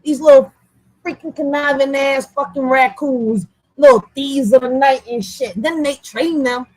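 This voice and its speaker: A high-pitched young woman rants on a livestream, animated, profane and heated. The recording is dry and close, with almost no room sound. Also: a little slow, no room sound, rough recording. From Philadelphia. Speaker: vlogger. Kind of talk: livestream rant.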